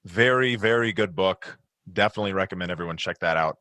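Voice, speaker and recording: A man's voice: low voice, quick pace, pushed and bright, no room sound. A man hosting a podcast interview, asking questions in an eager, encouraging way. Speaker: podcast host.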